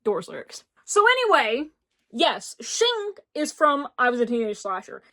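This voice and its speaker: A woman's voice: sits high, big pitch swings, measured pace, pushed and bright. A woman in her twenties from rural Tennessee with an Appalachian accent, gushing in a casual book review chat. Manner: gushing, enthusiastic, emphatic repetition. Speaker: book vlogger.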